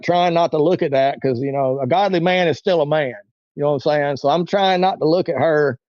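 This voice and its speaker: A man's voice: on the high side, darkish tone, no room sound, highs cut off. A man in his forties, a guest telling a long story in a casual, rambling way and now and then acting out the voices of people in it. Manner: rambling, acts out quoted voices. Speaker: interview guest.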